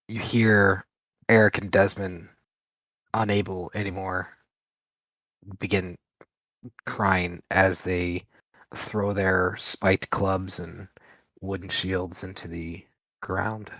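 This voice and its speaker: A man's voice: low-pitched, level tone, takes it slowly, long pauses, a bit bright, dry recording. A man narrating as game master, describing scenes at an easy pace with some hesitation. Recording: dull lo-fi dry sound.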